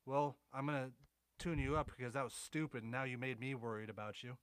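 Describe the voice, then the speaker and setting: A man co-hosting a podcast, chatting casually in a halting, blunt way about wrestling matches. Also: medium pitch. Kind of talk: casual chat.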